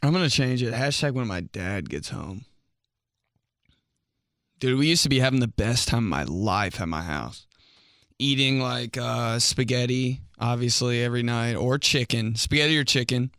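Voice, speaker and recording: A man's voice: medium pitch, normal speed, fairly bright tone, no echo, clean studio sound. A young man telling casual comic stories about himself, rambling, full of fillers and laughing at his own jokes. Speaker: comedian. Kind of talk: casual comedic storytelling monologue.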